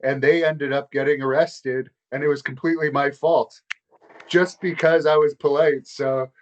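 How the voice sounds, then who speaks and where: A man hosting a casual interview, talking in a relaxed, polite way with halting starts. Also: fairly high pitch, a little hiss or hum. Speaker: interview host. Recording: dull lo-fi audio.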